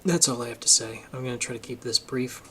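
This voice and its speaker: A man's voice: mid-range voice, quick pace, sharp tone, a little hiss or hum. A man giving a casual, emphatic opinion monologue for his video channel, getting worked up as he argues his point. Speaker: political commentary vlogger.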